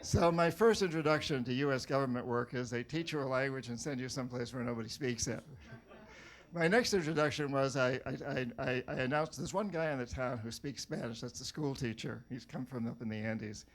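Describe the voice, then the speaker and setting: A man's voice: medium pitch, brisk. An older man from New Hampshire gives a storytelling talk to a live audience. He tells wry anecdotes and often stumbles over and repeats his words. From New Hampshire, USA. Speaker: author giving a talk.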